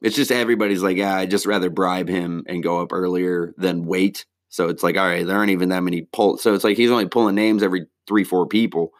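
Man, very low voice, stand-up comedian, casual rambling recap, heavy swearing, slangy. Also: steady tone, quick pace, hardly any pauses.

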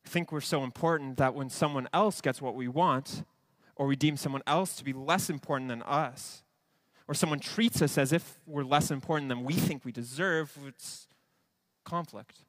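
A man's voice: medium pitch, normal speed, fairly bright tone. A man preaching a sermon to a congregation, earnest, with quoted asides and restarts. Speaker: pastor.

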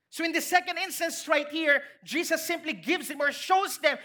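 A woman's voice: high voice, normal speed, hardly any pauses, pushed and bright. A woman with a Filipino accent preaching a sermon, asking the congregation questions and acting out quotes.

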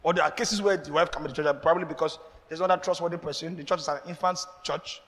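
A man preaching a sermon as pastor, animated, acting out exchanges and laughing as he speaks. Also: a little high, racing, in a large hall.

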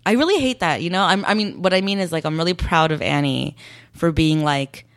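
A young woman talks through the plot of a show in a relaxed, chatty way, slipping into quoted lines from the characters and laughing often. Her voice sits a little low for a woman. The recording is dry and close, with no room sound. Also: fairly quick, dry recording. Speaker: podcast co-host recapping a TV show. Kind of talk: casual chat.

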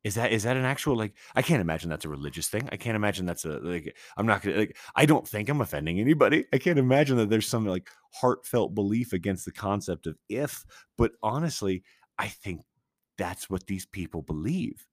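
A man's voice: on the low side, expressive, a little fast, no room sound, studio quality. A man hosting a podcast on his own, telling a story casually and rambling with many restarts, swearing and sounding incredulous. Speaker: podcast host.

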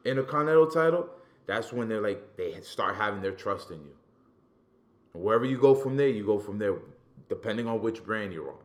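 A man with a somewhat low voice chats casually as a podcast co-host. He gets animated and profane, restarting phrases as his excitement builds. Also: fairly quick. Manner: animated, profane, repeats words when excited. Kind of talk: casual wrestling talk.

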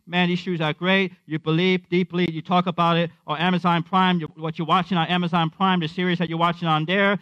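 A man's voice: sits high, little pitch movement, quick pace, hardly any pauses, fairly bright tone, no room sound, lo-fi sound. A man preaching a conversational sermon, repeating his refrains and acting out quotes.

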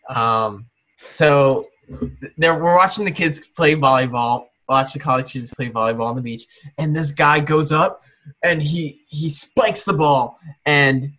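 A man co-hosting a casual podcast chat, telling a story in a relaxed way with fillers and imitating others. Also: a little high, measured pace. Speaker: podcast co-host.

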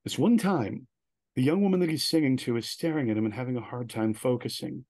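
A man's voice: mid-range voice, brisk, darkish tone, no room sound. A man, a guest on an interview podcast, telling stories animatedly and acting out the quoted lines. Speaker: guest, director.

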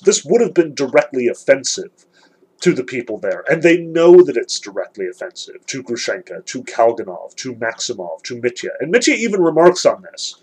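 A man's voice: mid-range voice, sing-song, normal speed, a little mellow, husky, low-quality recording. A man giving an earnest literature lecture, reading passages and analyzing them, emphatic with frequent restarts.

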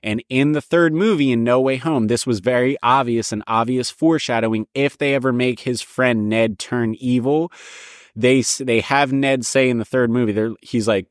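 A man's voice: mid-range voice, a little fast, no room sound, studio quality. A man hosting a show, talking in a casual monologue that rambles and repeats points with frequent restarts. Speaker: show host.

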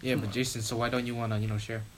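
A teenage boy in casual chat, loudly egging his friends on. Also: mid-range voice, flat delivery, racing, a little hiss or hum. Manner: loud, egging others on.

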